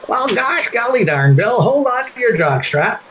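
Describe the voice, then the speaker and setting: A man's voice: extremely high pitch, very animated, moderate pace, fairly bright tone, slight background noise, heavily acted. A man impersonating a folksy older male hockey TV analyst who gushes with homespun slang.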